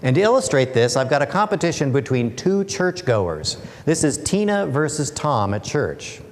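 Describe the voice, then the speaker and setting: A man's voice: medium pitch, sing-song, moderate pace. A man giving a humorous presentation as a guest speaker and author. He talks playfully and keeps asking the audience rhetorical questions. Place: lecture hall. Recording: long hall reverb.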